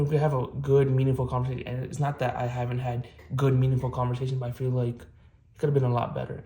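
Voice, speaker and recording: A man's voice: medium pitch, warm tone. A young man talking casually to camera in a self-improvement vlog, rambling earnestly with many fillers and restarts. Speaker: vlogger.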